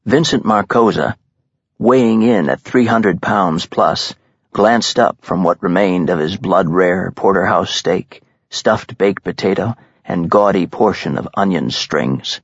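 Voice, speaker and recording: Gravelly low-voiced man narrating a thriller. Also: no room sound. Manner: measured, tense storytelling. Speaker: audiobook narrator. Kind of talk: scripted dramatic narration. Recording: dull lo-fi recording.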